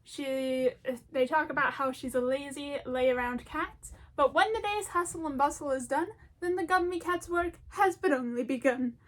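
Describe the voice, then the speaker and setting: A young woman rambling in a chatty, animated way as she comments on a favorite topic, laughing often along the way. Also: high-pitched, normal speed. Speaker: video essayist.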